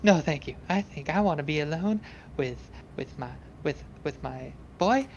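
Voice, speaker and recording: A woman's voice: low-pitched, lively intonation, moderate pace, darkish tone, lo-fi sound, slight background noise. A woman voicing a sheepish young woman who has been caught snooping, nervous and stammering. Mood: weary.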